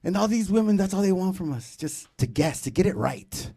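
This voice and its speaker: Raspy, animated male comedy host. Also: high-pitched, brisk. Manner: loud, profane, teasing banter with the audience. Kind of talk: stand-up crowd work. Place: comedy club stage.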